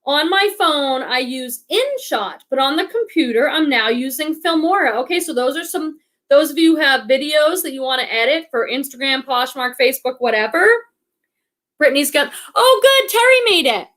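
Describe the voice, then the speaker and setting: This reselling livestream host, a woman in her forties from around Boston, sounds animated and a bit bright, her high voice moving at a moderate pace. She chats casually, reads out viewer comments, and restarts often while thinking aloud.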